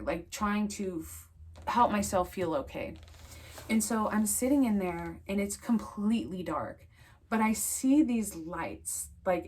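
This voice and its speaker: Young female vlogger, casual storytime delivery, animated and profane, mid-range voice. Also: mid-range voice. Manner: animated, heavy filler "like", swears freely.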